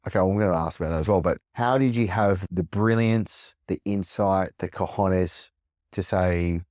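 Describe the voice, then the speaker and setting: A male podcast host asks his questions earnestly and with clear admiration for his guest. His voice sits very low and sounds dark and mellow, picked up dry and close on the mic. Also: moderate pace, dry recording. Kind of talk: interview questions.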